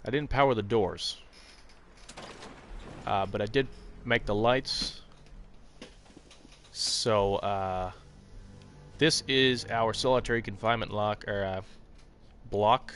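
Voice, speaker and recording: Chatty low-voiced male game streamer. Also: takes it slowly, pauses often, a bit bright, slight background noise. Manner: rambling, chatty, talks to viewers by name with frequent fillers; swears casually. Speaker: gaming streamer. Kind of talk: casual live-stream commentary.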